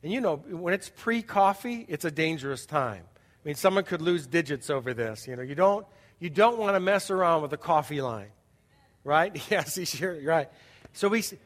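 A man preaches from the pulpit with a fairly high voice, turning his sermon into a relaxed story and checking in with the congregation as he goes. His words ring out with a long reverb through a large church sanctuary. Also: normal speed. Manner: conversational storytelling with audience asides. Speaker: pastor.

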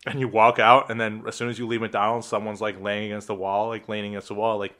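A man's voice: on the low side, little pitch movement, fast talker, hardly any pauses, a bit bright. A young man co-hosting a casual chat, rambling loosely and laughing often. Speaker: podcast co-host.

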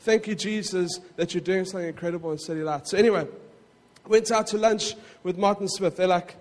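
A man preaching a sermon in a conversational way, with frequent asides to the congregation and quick self-corrections. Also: high voice, long reverb tail. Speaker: pastor.

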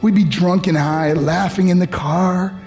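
A man from New York, a motivational speaker telling a personal story to high school students in earnest, vivid storytelling. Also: steady tone, unhurried, darkish tone, faint music behind.

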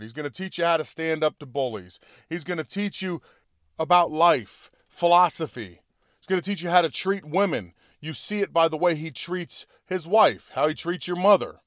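A man's voice: fairly high pitch, fairly bright tone, clean tone, no room sound, clean studio sound. A man hosting his own commentary show, talking casually to listeners and retelling a film scene in a conversational, storytelling way with chuckles and asides. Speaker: political commentary host. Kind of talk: casual monologue.

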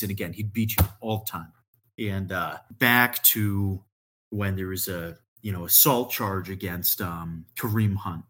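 A man with a low, husky voice rambles through a casual podcast story. He fills his sentences with "like," restarts often, and laughs his way through the funny parts. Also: a bit bright. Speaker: podcast guest. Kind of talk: casual chat.

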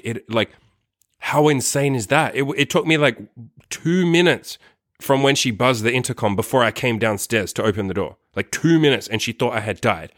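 A man's voice: mid-range voice, animated, normal speed, a bit bright, dry recording, studio quality. Profane rambling man telling a story. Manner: rambling, profane, heavy use of "like". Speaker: vlogger. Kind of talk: casual storytelling.

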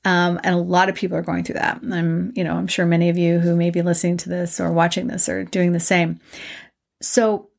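A middle-aged woman with a low, gravelly voice, chatting on a spiritual vlog. She rambles loosely and often trails into fillers and restarts, keeping it casual and unscripted. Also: level tone, fairly quick. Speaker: spiritual vlogger.

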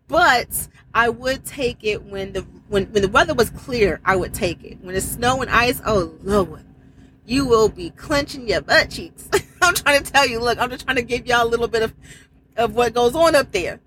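Woman truck driver, testimony vlog, emphatic and animated, noisy background with vehicles. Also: fairly high pitch, moderate pace. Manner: animated, emphatic storytelling with exclamations and prayer. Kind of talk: casual spoken testimony.

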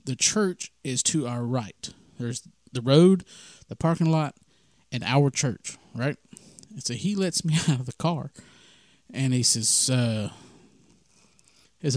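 A man tells a story in a relaxed, conversational way, acting out each line of dialogue. His pitch sits in the middle and the sound is dry and close. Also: unhurried, pauses often, no room sound. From Mississippi, USA. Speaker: podcast host. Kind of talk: casual storytelling.

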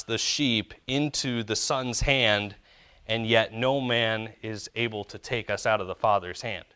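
A man delivers a sermon from the pulpit, his voice low and smooth. He preaches earnestly and slows down to stress the words that matter most. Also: pushed and bright. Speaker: pastor.

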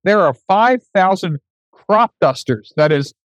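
Older guest storyteller, animated, slightly high voice, dry sound. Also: male voice, unhurried, no room sound, lo-fi sound. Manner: animated, acts out dialogue in his anecdotes. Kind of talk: storytelling interview.

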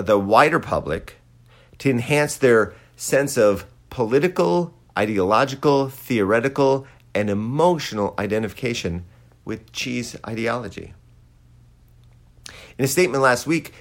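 Sarcastic low-voiced man doing satire. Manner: sarcastic, with dry asides. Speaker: commentator. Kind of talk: satirical political monologue.

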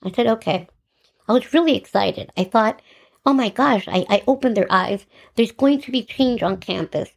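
Woman, middle-aged, podcast storyteller, sarcastic, acts out dialogue, gravelly fry. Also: on the high side, normal speed. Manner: animated, sarcastic, re-enacts dialogue. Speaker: podcast host telling her own story. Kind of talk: personal storytelling monologue.

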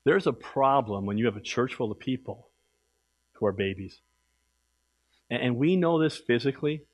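A man preaching a sermon as pastor in a church, emphatic, swinging from loud exhortation to quiet asides. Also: medium pitch, moderate pace.

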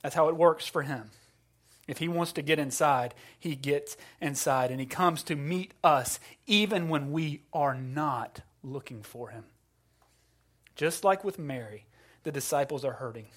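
Preaching at a measured pace, this pastor keeps his sermon conversational and pokes fun at himself. Words get restarted frequently, and for emphasis his voice sinks low and quiet.

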